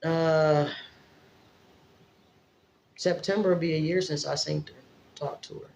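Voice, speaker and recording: A woman's voice: low voice, fairly even intonation, unhurried, creaky, darkish tone, echoey room, a little hiss or hum, rough recording. A woman from Indiana talking straight to her viewers in a casual vlog, rambling and emotional. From Fort Wayne, Indiana, US. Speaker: vlogger. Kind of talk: casual livestream-style vlog talk.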